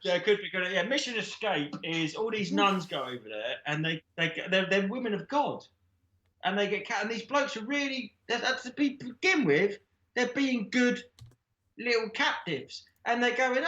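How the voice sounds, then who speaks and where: A man's voice: fairly high pitch, animated, unhurried, pushed and bright, echoey room. A man, a comedian guest, rambling through an improvised comic story with swearing. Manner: rambling, swearing, laughing a lot.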